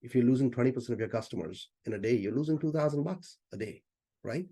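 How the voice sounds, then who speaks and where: A man's voice: mid-range voice, lively intonation, quick pace, mellow, husky. A man as a business coach, teaching in a loose, conversational way during an online session and often saying "you know".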